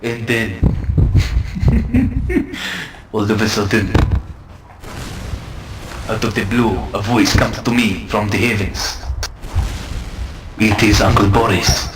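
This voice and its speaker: Slow deadpan man in broken English. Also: fairly low pitch. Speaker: storyteller on a game server. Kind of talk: comic in-character storytelling. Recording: noisy voice-chat mic.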